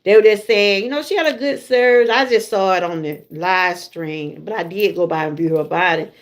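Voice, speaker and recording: A woman's voice: fairly low pitch, moderate pace. A middle-aged woman with a Southern US accent, chatting casually to her viewers on a livestream and laughing often. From Georgia, USA. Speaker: livestream host.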